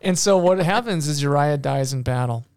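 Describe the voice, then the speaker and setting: Smooth-voiced man retelling Bible stories. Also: fairly high pitch, normal speed, no room sound, studio quality. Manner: animated, frequent fillers and restarts, playful asides.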